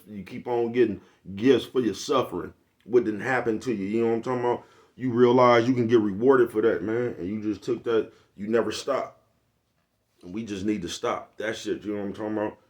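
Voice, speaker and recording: A man's voice: lowish voice, darkish tone. An older man, giving a blunt, preachy, profane motivational monologue to his viewers. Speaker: vlogger.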